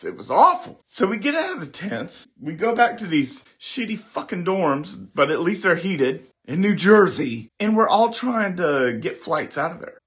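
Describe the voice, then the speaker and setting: A middle-aged man spins a story in a loose, casual way, cursing often and slipping into the voices of the people in it. His pitch sits a little high for a man and swings widely, leaping up when he gets worked up. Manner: animated, swears freely, acts out others' lines. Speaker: storyteller recounting a military prank.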